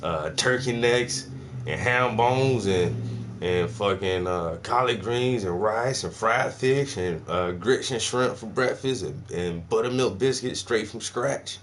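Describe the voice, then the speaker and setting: A man's voice: lowish voice, slow, a bit bright, a little hiss or hum. A man from South Carolina chatting casually for his vlog at home, loose and profane, laughing often. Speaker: vlogger. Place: indoors at home.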